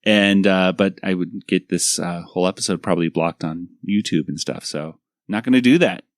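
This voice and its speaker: Man, podcast host, low voice, rambling, fillers, dry close sound. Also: moderate pace, no echo. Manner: rambling, many fillers, laughs easily. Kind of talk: casual episode review chat.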